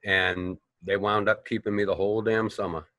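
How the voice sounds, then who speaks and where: Actor guest, lower pitch, forceful tone, loose profane anecdotes. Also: male voice, normal speed, no echo. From Boston, United States. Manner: animated, profane, rambling storyteller. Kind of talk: casual interview storytelling.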